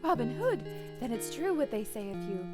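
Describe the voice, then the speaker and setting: A woman voicing a frightened young peasant woman in a game playthrough, higher and pleading, guitar music behind. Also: big pitch swings, moderate pace. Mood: grateful.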